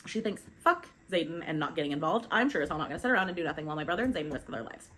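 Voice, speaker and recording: A woman casually recapping a novel chapter by chapter, chatty and informal with quick asides and the odd swear, recording at home. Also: deep voice, very animated, a bit bright. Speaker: book recapper.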